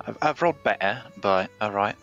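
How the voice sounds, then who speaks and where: A man playing in a tabletop game, measured and dry. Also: lowish voice, fairly bright tone, muffled recording, soft background music. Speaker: player. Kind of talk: casual tabletop game play.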